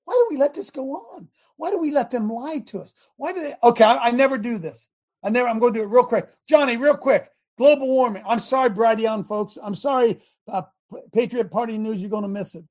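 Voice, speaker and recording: A man hosting a talk show, preaching in a fiery monologue that shouts for emphasis. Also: very high voice, a little fast.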